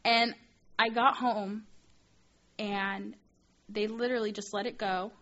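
A woman's voice: mid-range voice, steady tone, slow, fairly bright tone, dull audio. Chatty young woman teaching a Bible study. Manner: chatty, full of "like" fillers, earnest. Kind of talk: personal story in a teaching talk.

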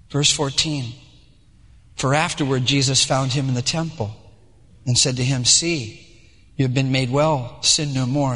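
A man preaching a sermon to his congregation, animated and acting out little scenes in different voices. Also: mid-range voice, slightly rough, long reverb tail. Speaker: pastor. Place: church sanctuary.

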